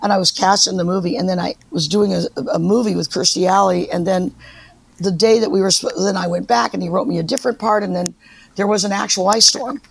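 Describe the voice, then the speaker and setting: An older woman, a guest actor, telling rambling anecdotes with halting restarts. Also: medium pitch, steady tone, gravelly, husky, low-quality recording. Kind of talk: casual interview storytelling.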